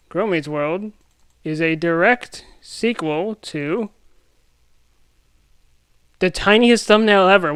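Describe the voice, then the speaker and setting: A young YouTube commentator rambles through a pop-culture rant in a high-pitched, smooth voice with no echo. He is excitable and full of restarts and self-interruptions.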